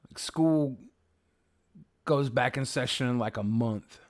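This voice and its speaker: A man's voice: medium pitch, slow. A man hosting a livestream, chatting casually with his viewers in a rambling, profane, sarcastic way. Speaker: livestream host. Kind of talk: casual livestream chat reading viewer comments.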